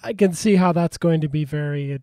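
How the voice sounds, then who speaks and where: A man's voice: on the high side, a little fast, warm tone, clear, resonant tone, dry recording, clean studio sound. A man hosting a casual chat, rambling with lots of fillers and easy chuckles. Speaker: podcast host and game streamer.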